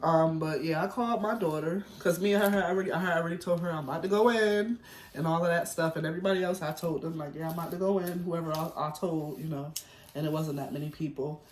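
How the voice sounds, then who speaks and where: A middle-aged man chatting through a personal story, wandering and loose, full of slang and filler words. His voice sits a little high for a man. The room around him is echoey, with a faint hum in the background. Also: steady tone, fast talker. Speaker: vlogger. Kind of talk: casual storytelling chat. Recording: roomy echo.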